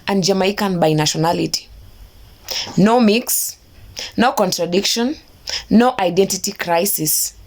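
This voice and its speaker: A woman giving a scripted explainer narration in a measured, emphatic, declarative way. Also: medium pitch, a little mellow.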